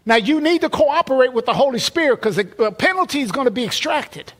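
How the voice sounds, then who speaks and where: A man's voice: very high voice, lively intonation, fast, fairly bright tone. A man preaching a sermon in a conversational way, often repeating words and restarting phrases.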